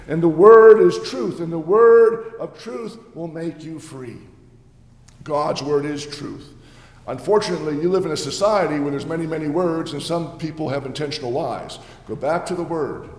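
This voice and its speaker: A man's voice: on the high side, darkish tone, lightly acted. An actor playing a jovial, ancient male Reformation preacher, giving an earnest, homely first-person sermon with playful asides in a church. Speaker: preacher in character. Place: church sanctuary. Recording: echoey church hall.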